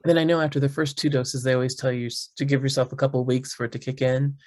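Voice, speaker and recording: A man's voice: mid-range voice, little pitch movement, quick pace, darkish tone. A man moderating a webinar, thanking the guest and reading audience questions. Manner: reads out questions plainly.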